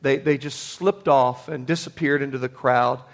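A male pastor preaching a sermon. He is emphatic and swings from loud, high declarations to hushed, low tones. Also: fairly even intonation, moderate pace.

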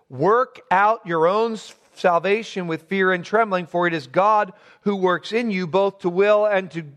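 A man preaching a sermon, earnestly stressing key words and posing rhetorical questions. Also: sits high.

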